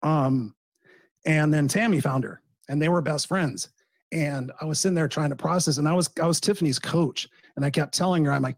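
A man's voice: on the high side, a little fast, no echo. A man, a coach, speaking in a heartfelt way about personal loss on a podcast, often restarting his sentences. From Southern California. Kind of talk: emotional personal storytelling.

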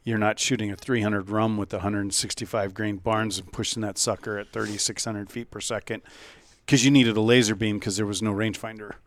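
A man co-hosting a podcast, telling stories in relaxed casual chat with drawn-out phrases. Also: fairly low pitch, dry recording. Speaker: podcast co-host.

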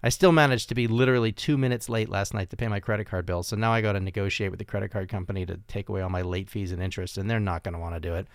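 Wry, rambling podcast host, smooth voice. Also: male voice, fairly even intonation, very fast, hardly any pauses, dry recording, clean studio sound. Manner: self-mocking, rambling sales pitch. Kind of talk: casual podcast monologue and chat.

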